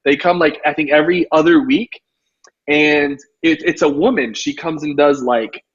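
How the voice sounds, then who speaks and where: A man hosting a casual interview as a real estate coach, telling stories with lots of "you know" and an animated delivery. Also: a little high, normal speed, husky. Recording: dull lo-fi audio.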